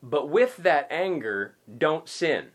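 Guy pastor preaching all casual and folksy, super lively voice, keeps hammering the same point. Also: on the high side, takes it slowly. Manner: emphatic, repeats points, folksy asides. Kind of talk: conversational sermon.

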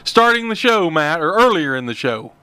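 A man's voice: a little high, big pitch swings, moderate pace, sharp tone, smooth, dry recording. A man co-hosting a Christian talk show, telling rambling stories full of fillers and restarts. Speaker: co-host.

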